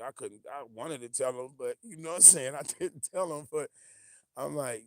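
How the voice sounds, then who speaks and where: A gravelly man with rambles through a casual livestream, animated and easily sidetracked, laughing as he reads viewer comments. His voice is dry and close to the mic, with no room sound. It sits at an ordinary pitch for a man. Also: normal speed, dry recording. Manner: rambling and animated, loses his train of thought, laughs often. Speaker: livestream host.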